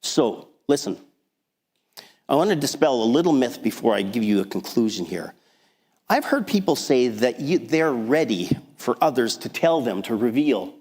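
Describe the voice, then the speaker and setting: A man's voice: mid-range voice, normal speed, husky. Conversational male pastor in reverberant church. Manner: conversational, animated, with many restarts. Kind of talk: sermon. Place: church sanctuary. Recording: long hall reverb.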